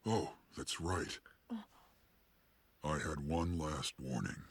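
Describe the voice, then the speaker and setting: An actor voicing a gruff, aging male ninja sage in an anime dub, speaking in a deep, gravelly, teasing and reflective way. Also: animated, slow pace, heavily acted. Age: older. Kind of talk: anime English dub acting.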